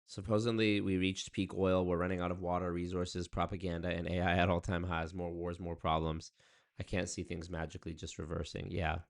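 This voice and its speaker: Deep-voiced man streaming casually. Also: little pitch movement, a little fast, vocal fry. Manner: loose, rambling, profane. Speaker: streamer reacting to chat. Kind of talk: casual livestream chat.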